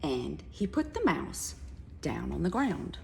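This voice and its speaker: A woman reads a picture book aloud to a young child, narrating slowly and often softening into a whisper. Her voice is lowish and gravelly. She swoops widely up and down as she tells the story. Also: very animated, a little hiss or hum. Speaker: reader to a child.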